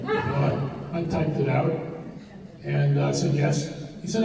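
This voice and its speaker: A man's voice: on the high side, huge pitch swings, a little slow, pauses often, far from the mic, background noise. An older man, a journalist, recounting a detailed story with quoted dialogue at a live public talk. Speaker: journalist and panel speaker. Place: event hall with audience. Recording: echoey hall recording from afar.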